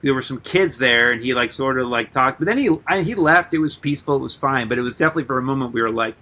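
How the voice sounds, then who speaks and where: A man guest on a radio interview, telling rambling stories in a loose, animated way, full of "like" and casual swearing. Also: medium pitch, quick pace. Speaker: guest artist and musician.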